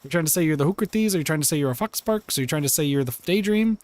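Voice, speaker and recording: A man with a fairly high, very animated voice gives live commentary while streaming a game at home. He chats loosely with his viewers and answers their messages. Now and then he slips into silly, playful voices. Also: racing, no echo. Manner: chatty, reacts to chat, playful silly voices. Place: home room.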